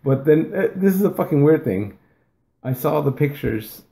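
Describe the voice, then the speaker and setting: Halting, cursing man, a bit high. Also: animated, vocal fry, mellow. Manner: halting, repeats words, swears. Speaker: podcast guest. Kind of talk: casual podcast chat.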